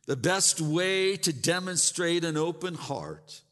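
A man's voice: on the high side, animated, slow, a bit bright, long reverb tail. A man preaching a sermon as pastor, often repeating words and stumbling into restarts as he builds his point. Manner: repeats words, mimics grumbling churchgoers.

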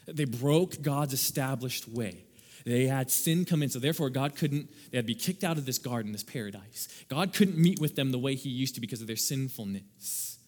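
A man preaching a sermon as pastor, animated, acting out little scenes and laughing at his own jokes. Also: medium pitch, moderate pace. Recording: long hall reverb.

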